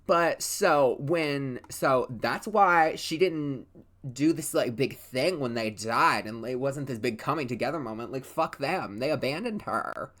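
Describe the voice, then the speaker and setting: A woman's voice: a bass voice, measured pace, fairly bright tone. A woman giving casual, rambling gameplay commentary, cursing freely and filling her talk with "like" and "you know". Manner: chatty, profane, rambling storytelling with many fillers. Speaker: let's play host.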